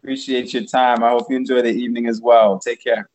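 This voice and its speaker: A man's voice: mid-range voice, little pitch movement, fast, darkish tone, highs cut off, a little hiss or hum. A man being interviewed as a guest author and poet, talking casually with many fillers and restarts.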